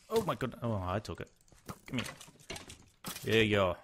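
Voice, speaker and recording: Excitable young man narrating his gameplay. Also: on the low side, normal speed, slight background noise. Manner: excitable, exclaims and mutters to himself while playing. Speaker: Let's Play host. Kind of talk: casual gameplay commentary.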